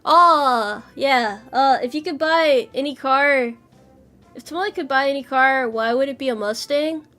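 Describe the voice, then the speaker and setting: A woman chatting casually with her stream viewers, playful and quick to giggle. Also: high-pitched, sharp tone, soft background music. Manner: playful, giggly, answers chat with bursts of laughter. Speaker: virtual streamer.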